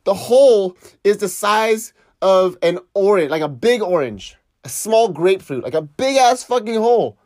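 A man's voice: high-pitched, expressive, normal speed, hardly any pauses, a little mellow, dry recording, studio quality. A man telling a story casually, swearing and laughing as he reflects on a mishap while surfing. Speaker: surf vlogger.

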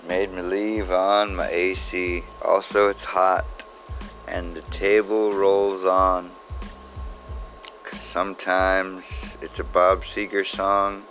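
A man hosting a comedy podcast, delivering a rambling, absurd, deadpan monologue full of digressions. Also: deep voice, low-quality recording. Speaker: podcast host.

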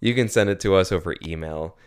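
A man's voice: low voice, quick pace, clean tone. A man co-hosting a casual podcast, retelling a story with swearing and acted-out quotes. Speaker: podcast co-host.

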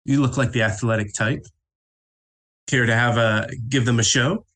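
A man's voice: medium pitch, fairly even intonation, moderate pace, fairly bright tone, natural voice. A man voicing a bearded carnival game woman with folksy, encouraging patter. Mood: inviting.

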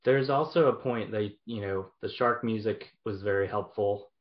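A man's voice: on the low side, normal speed. Casual man host, dull lo-fi sound. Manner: casual, affirming, asks questions. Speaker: podcast host. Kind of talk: conversational interview.

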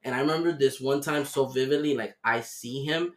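A young man hosting a casual podcast chat, telling animated stories full of swearing. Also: medium pitch, fairly quick. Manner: animated storytelling with heavy swearing. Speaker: podcast host. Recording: roomy echo.

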